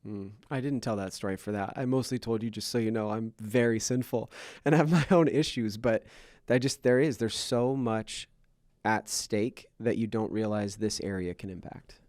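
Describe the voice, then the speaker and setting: A man's voice: lowish voice, moderate pace, darkish tone, no echo, studio quality. A man in his thirties hosting a podcast, telling personal stories openly with many fillers. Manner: open, self-revealing storyteller with frequent fillers. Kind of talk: candid podcast conversation.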